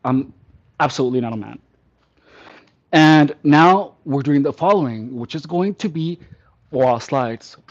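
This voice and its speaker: A man with a somewhat high voice leads a workout with tongue-in-cheek instruction, counting reps and praising himself in a mock-delicate way. The recording sounds dull and lo-fi. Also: darkish tone. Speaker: fitness trainer.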